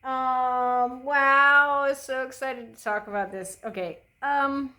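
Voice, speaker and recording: Doing her makeup on camera, a young woman rambles in a high, sharp voice with fairly even intonation and a slow pace. She swears freely, is chatty and opinionated with no filter, and her unpolished, easygoing talk has many fillers and restarts, captured in a rough recording.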